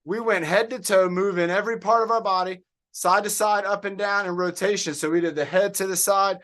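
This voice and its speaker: A man's voice: sits high, fairly even intonation, brisk, fairly bright tone. A man leading an online workout class as coach, upbeat and encouraging as he praises his students by name over a video call. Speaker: fitness coach.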